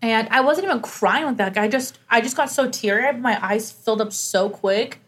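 Young woman telling a story, slightly high. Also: moderate pace, fairly bright tone, husky. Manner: storyteller who reenacts conversations, many "like"s. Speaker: podcast co-host. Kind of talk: casual chat, personal storytelling.

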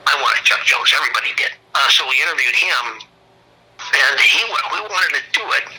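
A man's voice: a little high, animated, fairly quick, background noise. A man, an author, telling casting stories casually, rambling with restarts and acting out quotes. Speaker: author recounting film casting. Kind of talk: casual storytelling.

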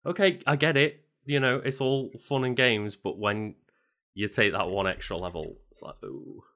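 A man co-hosting a casual chat, giving relaxed, wry comments. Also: mid-range voice, moderate pace. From Liverpool. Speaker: podcast co-host.

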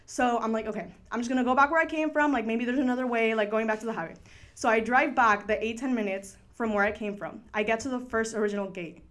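Brief: young woman, a bit high-voiced, chatty storyteller, lots of fillers, slips in Spanish words. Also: steady tone, quick pace, fairly bright tone. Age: young adult. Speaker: student storyteller. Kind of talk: casual storytelling.

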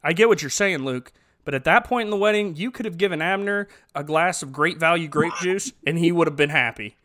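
A man hosting a podcast, recapping a film in a joking, sarcastic, animated way. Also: fairly high pitch, fairly quick. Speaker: podcast host. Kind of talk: casual chat recapping a film.

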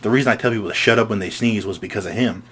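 A young man co-hosting a casual podcast chat, telling animated stories and acting out the voices of the people in them. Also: fairly low pitch, very fast, slight background noise. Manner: animated storyteller, acts out quoted voices. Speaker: podcast co-host.

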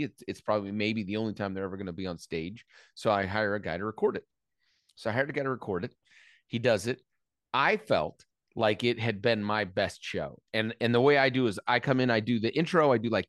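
A man's voice: on the low side, fairly bright tone, no room sound, clean studio sound. A man hosting an interview, telling his own story in a rambling casual way with restarts. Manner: rambling, restarts, swears when worked up. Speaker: interviewer, host. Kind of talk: casual chat and anecdote.

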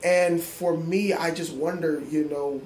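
This adult man, who teaches music at a middle school, reflects earnestly in an interview and keeps restarting his sentences. He speaks at a measured pace in a fairly high, darkish voice with fairly even intonation. The recording has a little hiss or hum, in an echoey room with faint ambience.

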